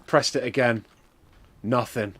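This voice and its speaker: A man's voice: mid-range voice, steady tone, measured pace, fairly bright tone, husky, no echo. A man hosting a game stream, rambling through a comic story, swearing and laughing as he goes. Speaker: stream host.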